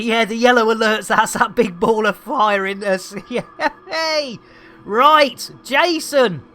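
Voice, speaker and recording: A man's voice: high-pitched, pushed and bright. A man hosting a live gameplay stream, rambling through jokey banter and cheeky asides. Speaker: livestream host.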